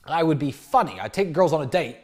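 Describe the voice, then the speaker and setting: Brash male monologuist, fairly high voice with a lot of swing, crude and blunt. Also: animated, fairly quick, a little mellow. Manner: acts out little dialogues in different voices. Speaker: dating and lifestyle talker. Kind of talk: motivational monologue.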